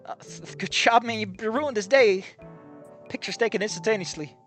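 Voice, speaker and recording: A man's voice: high voice, moderate pace, fairly bright tone, soft background music. A man reading a story aloud and commenting on it in a rambling, casual way, cursing freely and breaking off mid-thought. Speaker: fan fiction reader and commentator.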